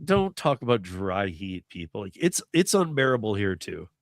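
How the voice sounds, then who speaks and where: A man hosting a casual talk show, animated and laughing easily, swearing freely. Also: lowish voice, moderate pace, dry recording. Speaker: podcast host. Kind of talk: casual chat.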